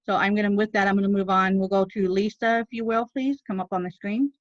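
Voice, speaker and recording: A woman's voice: medium pitch, fairly even intonation, fast talker, no room sound. Earnest woman hosting an online meeting. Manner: emotional, earnest. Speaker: meeting host. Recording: dull dry lo-fi audio.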